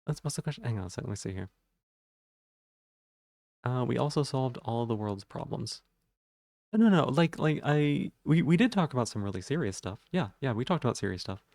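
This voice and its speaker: A male streamer talks loosely with his viewers, reading their messages aloud and answering each one as it comes. His voice sits at an ordinary middle pitch. The sound is dry and close, with no room around it. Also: sing-song, fairly quick, pauses often, a little mellow, no echo. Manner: rambling, reads chat messages aloud and answers them. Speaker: livestreamer. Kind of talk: casual chat answering viewers.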